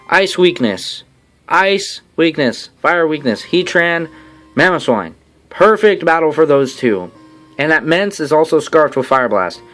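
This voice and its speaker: A young man swearing and joking sarcastically as he narrates his own game battle in a voice-over. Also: mid-range voice. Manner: swearing, sarcastic, excitable, swings between shouts and mutters. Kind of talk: profane gameplay commentary voice-over. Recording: faint game music behind.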